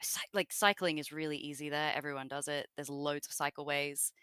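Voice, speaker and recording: An Australian woman chats freely as an interview guest, wandering through her thoughts with plenty of asides. Her voice is bright and smooth, sitting a little low. The mic is close and dry. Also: fairly even intonation, fairly quick, no room sound. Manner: chatty and rambling, with many fillers and asides. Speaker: voice actress guest. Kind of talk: casual interview chat.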